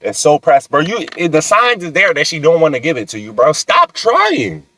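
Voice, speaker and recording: A man's voice: on the high side, very animated, fairly quick, a bit bright. A man giving casual, joking, slang-heavy reaction commentary. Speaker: reaction host.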